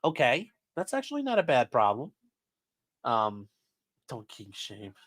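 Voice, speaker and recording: A man's voice: medium pitch, measured pace, dry recording, clean studio sound. A man with a casual, profane manner, reading a court transcript aloud on a live stream and commenting on it. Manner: profane, animated, reads quotes in shifting voices.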